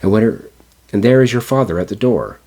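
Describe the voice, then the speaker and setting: A man voicing a grieving mother who speaks gently and steadily in an audiobook reading. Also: on the low side, sing-song, brisk, voice pushed up. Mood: tender, steady.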